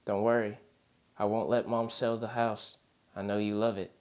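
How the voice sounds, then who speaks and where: A grown daughter, tearful and gentle, pleading softly through her goodbyes, as a man reads her lines in his own low voice. She speaks in a storybook horror reading. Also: little pitch movement, normal speed, clean tone, natural voice. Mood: tearful, tender.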